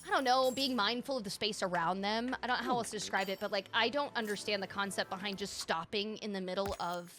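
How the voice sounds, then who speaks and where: A woman streamer chatting casually to her live audience, rambling and animated, laughing often. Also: medium pitch, fast talker, few pauses.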